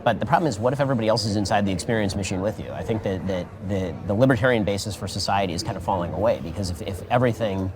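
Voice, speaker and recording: A man in a stage discussion who quickly cites books and theories. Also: fairly low pitch, background noise. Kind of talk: rapid intellectual debate.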